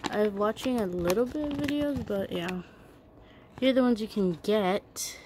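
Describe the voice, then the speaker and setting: A young woman vlogger chatting casually to her viewers as she unboxes a toy, excitable and gasping with delight. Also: medium pitch, normal speed, slight background noise.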